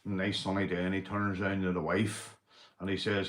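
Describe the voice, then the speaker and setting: A Northern Irish man hosting a livestream, telling crude jokes, swearing and shouting out viewers. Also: low voice, level tone, moderate pace. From Northern Ireland. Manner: rowdy, swearing, joke-telling, reading viewer comments. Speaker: livestream host. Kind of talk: casual livestream chat.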